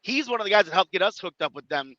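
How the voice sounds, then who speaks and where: A man telling animated stories in a casual podcast chat, acting out quotes and laughing often. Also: high-pitched, fast talker, dry recording, dull audio. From Chicago area. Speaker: guest wrestler.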